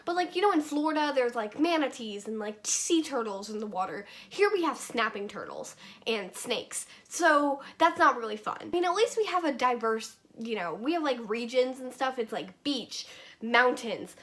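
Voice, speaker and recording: A woman's voice: fairly high pitch, lively intonation, normal speed, a bit bright. Chatty young woman vlogger, rambling. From North Carolina, USA. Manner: chatty, rambling, filler-heavy with frequent likes and okays. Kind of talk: casual vlog monologue.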